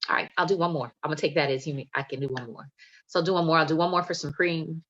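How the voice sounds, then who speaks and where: A woman's voice: low-pitched, steady tone, quick pace, fairly bright tone, muffled recording. A woman poet reading her poems with emphatic, playful delivery and chatting between them over a video call. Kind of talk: poetry reading and chat.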